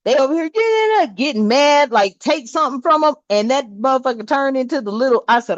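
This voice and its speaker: Slangy, animated woman reading tarot. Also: high voice, brisk, hardly any pauses, no room sound. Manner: animated, slangy and profane, laughs often. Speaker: tarot reader. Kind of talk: casual spiritual reading monologue. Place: indoors, room with air conditioner. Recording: dull, dry lo-fi sound.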